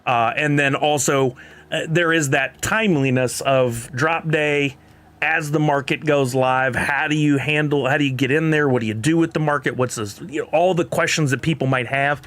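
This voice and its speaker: A man's voice: fairly high pitch, steady tone, moderate pace, a bit bright. A man with a Texan accent chatting casually on a live stream, rambling and laughing often while reading chat.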